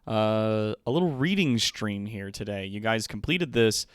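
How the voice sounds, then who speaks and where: A man's voice: fairly low pitch, animated, a little slow, no room sound. A man chatting casually to his viewers as host of a live stream, upbeat and rambling with plenty of fillers, on a close desk microphone.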